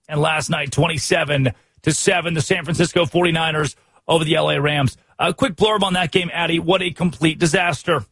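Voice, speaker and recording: An American man hosting a sports radio show, talking fast and emphatic with strings of rhetorical questions. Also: on the high side, fairly even intonation, a bit bright, husky, no room sound. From United States.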